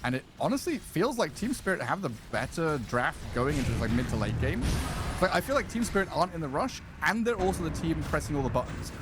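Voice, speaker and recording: A man casting an esports match as play-by-play commentator, excitable and quick to laugh. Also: over music. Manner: excitable, laughs often, pitch jumps on big plays. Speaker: esports caster.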